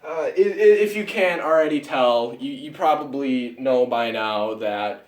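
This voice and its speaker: Young male vlogger, higher voice, ranting and breathless, roomy phone audio from a bit off-mic. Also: animated, measured pace, distant mic. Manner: exasperated, swings from muttering to shouting. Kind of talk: ranting movie reaction.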